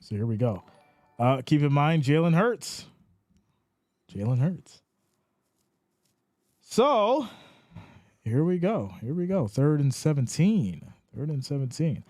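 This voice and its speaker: Excitable man calling plays on a stream. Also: moderate pace, no room sound, studio quality. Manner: animated, rises in pitch when excited. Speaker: live stream play-by-play host. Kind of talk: play-by-play commentary with chat reading.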